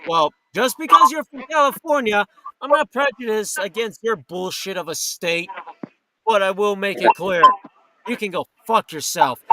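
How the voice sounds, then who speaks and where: A man hosting a live talk radio show rants angrily and indignantly with heavy profanity. He is from New York or Florida, and his voice sits high with lively intonation at normal speed. Loud background noise fills the recording.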